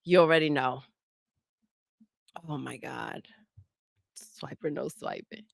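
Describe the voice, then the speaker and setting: A woman's voice: low voice, takes it slowly, gravelly, breathy edge, no echo, studio quality. A woman co-hosting a gaming talk show, giggling and reading out viewer messages in casual chat. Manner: giggly, reads out super chats. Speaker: podcast co-host.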